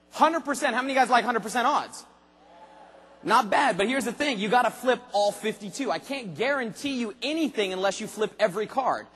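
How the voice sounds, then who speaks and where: A man giving an energetic convention speech, firing punchy questions at the audience and sometimes bursting into shouts. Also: high-pitched, husky. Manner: rapid-fire questions to the audience, punchy and emphatic. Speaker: motivational speaker at a sales convention. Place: large convention hall. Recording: long hall reverb.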